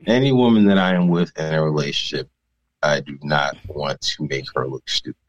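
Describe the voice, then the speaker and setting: A man's voice: a bass voice, steady tone, a little fast, muffled recording. A man co-hosting a podcast in a loose, profane casual chat, laughing often as he talks.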